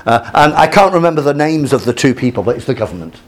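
A man's voice: mid-range voice, animated, quick pace, a little hiss or hum. Hesitant male lecturer with many fillers. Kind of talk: lecture with slides.

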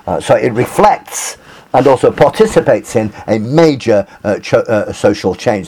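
A man's voice: mid-range voice, warm tone, slight background noise. A man giving a university lecture, hesitant, with many fillers and self-corrections.

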